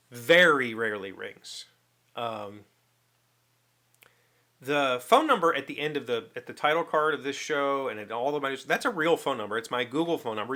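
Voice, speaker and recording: A man's voice: mid-range voice, sharp tone. A middle-aged man hosting his own show, chatting casually to camera and telling a story, acting out both sides of a phone call. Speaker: vlog host.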